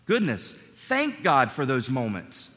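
Male pastor, sermon delivery, conversational and story-driven; bright tone, long reverb of a sanctuary. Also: medium pitch, slow pace. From North Carolina. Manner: conversational, storytelling, animated asides.

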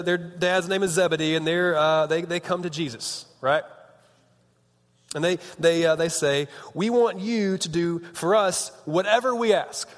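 A man's voice: on the high side, a bit bright. Joking preacher man in a reverberant hall. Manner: chatty, joking, self-interrupting. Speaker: youth pastor. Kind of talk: casual sermon. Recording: long reverb of a large hall.

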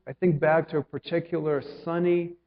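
A man from Ukraine preaching a sermon, asking questions and swinging from loud to hushed. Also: a little high, fairly even intonation, moderate pace. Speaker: pastor. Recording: dull sound with long hall reverb.

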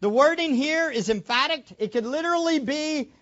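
Male preacher, emphatic sermon, high voice, slightly dull audio. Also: normal speed, few pauses. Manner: lively, emphatic preaching with questions to the congregation. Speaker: pastor.

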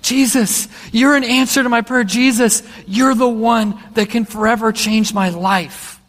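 A desperate leper cries out in a high, strained voice, pleading to be healed, as a preacher puts him on. The voice rings with a long reverb, as if heard in a large hall. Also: male voice, fairly even intonation, unhurried, fairly bright tone. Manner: pleading, crying out.

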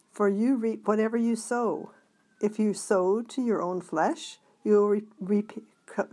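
A woman reading scripture passages aloud in a measured way, sometimes stumbling over a word. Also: mid-range voice, darkish tone. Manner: measured reading with occasional slips. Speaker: scripture reader.

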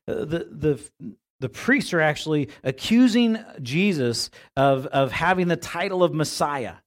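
A man preaching as pastor speaks in a fairly high, expressive voice without hurrying, his sermon delivered in a church sanctuary. The style is conversational, with words repeated as he hunts for how to put things.

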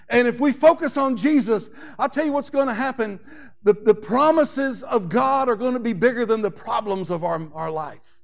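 Older male pastor, high-pitched, fervent preaching with call-and-response. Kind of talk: sermon.

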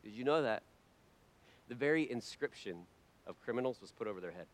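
A man preaching a sermon to his church, impassioned and swinging between hushed lines and loud ones. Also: mid-range voice, expressive, brisk. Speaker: pastor.

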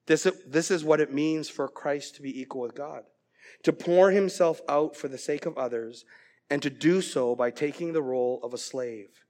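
A middle-aged man preaching a sermon as pastor, earnest and growing animated as he tells a story. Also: on the high side, moderate pace.

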